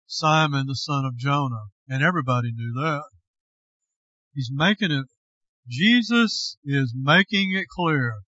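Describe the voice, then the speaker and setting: A man, a pastor, preaching a sermon slowly and with deliberate emphasis. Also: on the high side, sharp tone, no room sound, dull audio.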